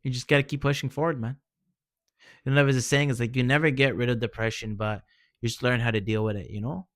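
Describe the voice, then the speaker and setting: A man in a mid-pitched voice talks straight to the listener in an easygoing, earnest way, full of slang and encouragement. His voice is recorded dry and close, with no room sound around it. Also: fairly even intonation, fast, no echo. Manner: informal, peppers speech with "man" and "bro". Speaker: vlogger sharing personal experience. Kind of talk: casual heartfelt advice talk.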